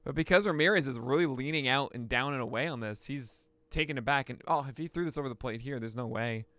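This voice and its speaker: A man hosting a pitching analysis, talking through each pitch with excitable outbursts. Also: quick pace, no echo. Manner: excitable, bursts into shouts and laughs. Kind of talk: excited play-by-play pitch breakdown.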